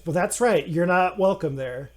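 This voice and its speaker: A man's voice: high voice, normal speed, pitched above the performer's own voice, close to an everyday voice. A man voicing a stern, indignant fey woman who has been posing as an old nanny.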